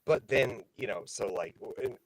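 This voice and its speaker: A man chatting as a guest on a video call, telling an excited story with many restarts, close to a slightly staticky mic. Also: medium pitch, normal speed, gravelly, no room sound, rough recording. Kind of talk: casual chat. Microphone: close mic on a video call, some static.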